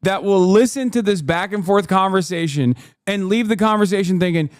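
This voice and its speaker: A man's voice: sits high, moderate pace, no room sound, clean studio sound. A man giving casual livestream commentary on a debate clip, sarcastic and heated, swearing and laughing often. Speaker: streamer reacting to a debate clip.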